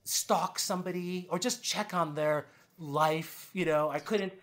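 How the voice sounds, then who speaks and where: At a measured pace, a man on a podcast interview tells honest stories from his life. His delivery alternates between booming, animated bursts and soft, low stretches, with plenty of swearing and acted-out lines from other people.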